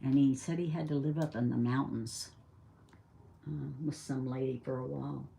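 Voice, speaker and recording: A woman's voice: rumbling low, fairly even intonation, moderate pace, vocal fry, dark tone. An older woman telling a personal story in a casual, rambling way. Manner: chatty, rambling, acts out dialogue.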